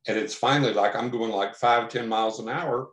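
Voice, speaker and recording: A man from Texas telling a long personal story as a podcast guest, animated, acting out the lines he quotes. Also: medium pitch, brisk. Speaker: podcast guest, psychic investigator. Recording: roomy echo.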